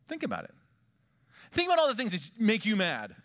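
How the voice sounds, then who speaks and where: A male pastor delivering a sermon with a very animated, rising and falling voice. He hammers home rhetorical questions and drops to a near hush to stretch out key words. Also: high voice. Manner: emphatic, asks the congregation repeated rhetorical questions; swings between loud stress and hushed, drawn-out words.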